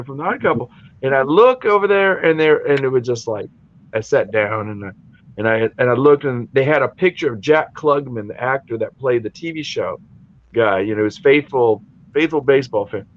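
Rambling man telling an animated story. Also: medium pitch, normal speed, dull audio. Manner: rambling, animated, many "like"s and restarts. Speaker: stream host. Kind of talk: casual storytelling chat.

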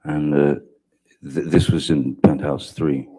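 Very deep, slow, hesitant male witness. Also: level tone, creaky, mellow, husky. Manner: halting, hesitant, many restarts and fillers. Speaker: trial witness. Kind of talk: courtroom testimony. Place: courtroom.

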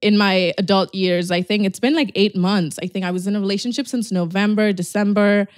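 A woman in her twenties hosting a podcast, chatting casually with a friend, swearing and making quick asides. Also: medium pitch, steady tone, no room sound, clean studio sound. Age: 20s. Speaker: podcast host. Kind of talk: casual chat.

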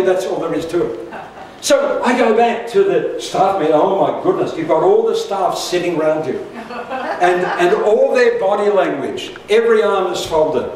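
A man's voice: high voice, slight background noise. Older man preaching in an echoey hall. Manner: storytelling with humour and self-asides. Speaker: pastor. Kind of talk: sermon. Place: church hall. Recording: echoey church hall from far off.

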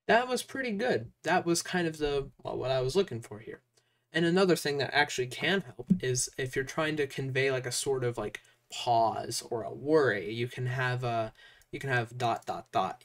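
A young man walks viewers through a software tutorial in a loose, chatty way, leaning on fillers like "uh" and "like". His pitch sits at an ordinary middle. He sounds a little distant from the microphone. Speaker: tutorial host. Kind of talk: casual screen-recorded software tutorial.

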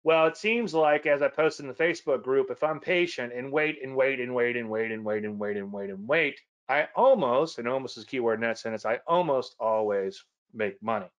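A man's voice: mid-range voice, fairly quick, few pauses, highs cut off. Folksy man walking through stock charts. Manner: rambling, self-correcting, folksy asides. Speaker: trading educator. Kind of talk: casual chart walkthrough.

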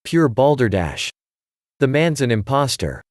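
A man reading the lines of an angry, scornful archaeologist who speaks slowly and emphatically. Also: medium pitch, sing-song, no room sound, clean studio sound. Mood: indignant. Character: irate male archaeologist, pompous and scornful.

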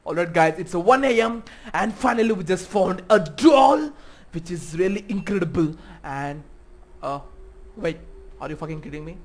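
A man's voice: high-pitched, expressive, a little slow. A man giving let's-play commentary on a horror game, swearing constantly and rambling nervously in a panic. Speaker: gaming YouTuber.

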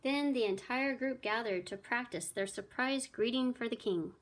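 A woman teacher reading a children's math story aloud with clear, expressive storytelling. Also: fairly high pitch, moderate pace.

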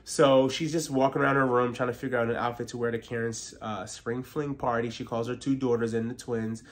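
A man's voice: mid-range voice, steady tone, brisk. Opinionated man recapping reality TV. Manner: opinionated, filler-heavy with frequent "like". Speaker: TV recap vlogger.

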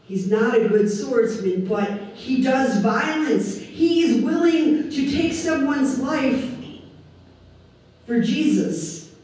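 A woman pastor delivering a sermon, preaching deliberately with emphatic rises on key words. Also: high voice, lively intonation, a little mellow. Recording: echoey room, voice from far off the mic.

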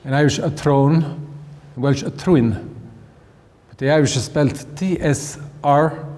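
A man giving an informal language talk, halting with many restarts and fillers, slowing down to spell out examples. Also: a little high, darkish tone. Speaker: language lecturer. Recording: long hall reverb.

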